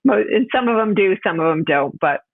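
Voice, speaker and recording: Lively new york lady coach, laughs a lot, voice goes way up for quotes, dry tinny phone sound. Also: brisk, vocal fry, dry recording. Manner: animated, laughs often, jumps up in pitch for quoted voices. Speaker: health coach guest. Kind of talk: casual podcast interview.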